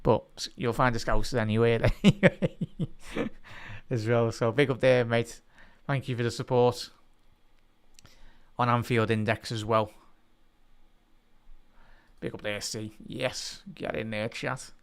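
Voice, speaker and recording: A man hosting a live football watch-along, chatting to viewers and shouting out at goals. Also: medium pitch, steady tone, slow pace, pauses often, clear, resonant tone. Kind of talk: live match reaction and chat.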